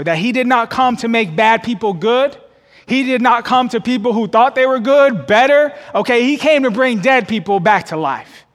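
A man preaching a sermon to his church, expressive and folksy, pushing higher and louder to drive points home. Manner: folksy, addresses the congregation as y'all. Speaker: pastor. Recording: long hall reverb.

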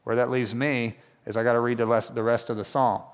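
A man's voice: medium pitch, flat delivery, a little fast, clear, resonant tone. A man preaching a sermon in a casual, conversational way, often asking the congregation questions. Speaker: pastor. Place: church hall. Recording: long reverb of a church hall.

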